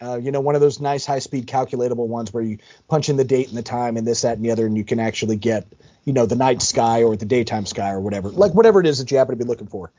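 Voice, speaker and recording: A man co-hosting a podcast in casual chat, animated and joking. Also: mid-range voice, very fast, dry recording, muffled recording. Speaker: podcast co-host.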